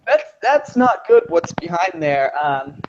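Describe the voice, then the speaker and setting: A man's voice: high voice, sing-song, measured pace, slight background noise. A man playing his character in a tabletop game, playful and often laughing. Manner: playful, laughing between lines. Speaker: player. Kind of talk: casual tabletop role-play. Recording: dull lo-fi recording.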